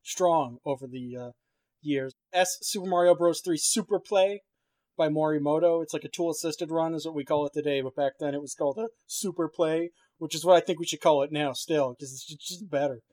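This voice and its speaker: A man's voice: fairly high pitch, brisk, darkish tone, no room sound. A man chatting casually as a podcast co-host, rambling and cursing with lots of fillers and restarts. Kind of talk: casual chat.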